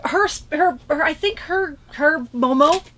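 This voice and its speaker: Fairly high-pitched woman co-host, hesitant casual chat, faint hiss behind. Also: unhurried, a bit bright. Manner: chatty, hesitant, trails off and restarts.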